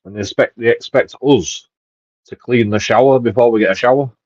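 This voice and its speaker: A man's voice: medium pitch, a little fast, darkish tone, no room sound. A man ranting casually, swearing heavily and rambling with many restarts. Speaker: vlogger. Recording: dull lo-fi dry sound.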